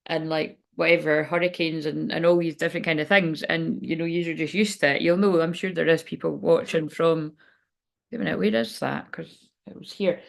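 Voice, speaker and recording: Woman, spiritual reader, livestream chat, gravelly, lowish voice, rambling and frank. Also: steady tone, moderate pace. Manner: rambling, frank, swears casually.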